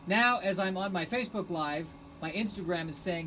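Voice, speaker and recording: A man hosting a rambling solo live stream on his phone, sarcastic and self-mocking, bursting into shouted rants. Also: high voice, moderate pace, slight background noise, low-quality recording. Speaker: podcast host streaming live.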